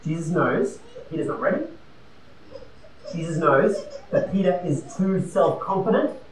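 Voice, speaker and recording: A man preaching a sermon, emphatic and conversational, swinging between loud and quiet. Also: on the high side, expressive, a little slow, crowd noise. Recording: roomy and distant with faint ambience.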